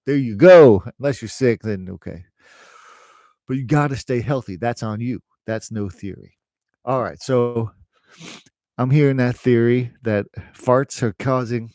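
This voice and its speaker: A man's voice: medium pitch, a little slow, a little mellow, no room sound, studio quality. A middle-aged man, an English teacher, chatting casually to camera in a rambling way, with fillers and laughs.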